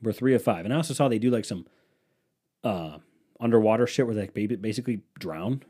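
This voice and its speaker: A man's voice: on the low side, a little fast, dark tone, slightly rough. A young man hosting a solo podcast, rambling casually with lots of swearing and self-mockery. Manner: rambling, profane, self-mocking. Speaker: podcast host.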